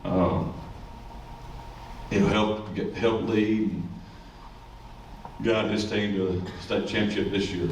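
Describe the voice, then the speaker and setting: A high school coach gives a folksy, rambling speech full of jokes in a lowish voice. He is picked up from a distance in an echoey room. Faint noise hums underneath. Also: little pitch movement, slow pace, long pauses. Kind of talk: ceremony speech.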